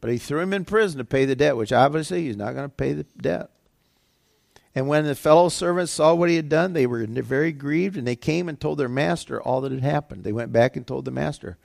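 Gravelly-voiced man preaching conversationally. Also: a little high, brisk, a little mellow, no room sound, clean studio sound. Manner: conversational preaching, retelling scripture in everyday words. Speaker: pastor. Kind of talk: sermon.

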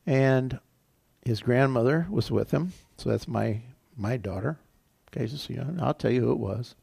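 A man's voice: mid-range voice, normal speed, gravelly, warm tone, breathy edge, no echo. An older man preaching a sermon as pastor, telling a personal story in a conversational way with frequent restarts. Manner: conversational, storytelling with self-corrections.

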